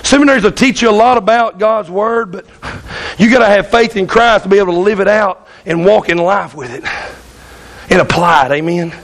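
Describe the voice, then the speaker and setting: A man's voice: high voice, a little fast, fairly bright tone, poor audio. A man preaching a sermon as pastor, talking emphatically and often asking his congregation "Amen?".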